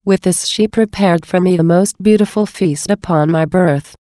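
A woman reading the words of a tender, sorrowful male divine speaker in a gentle, solemn voice, as a devotional reading. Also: lowish voice, normal speed, no room sound, clean studio sound, close to an everyday voice.

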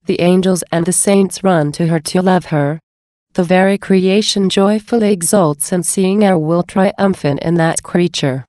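A woman voicing a gentle, loving divine male speaker in a slow, measured, solemn devotional reading. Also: lowish voice, no room sound, clean studio sound, lightly acted.

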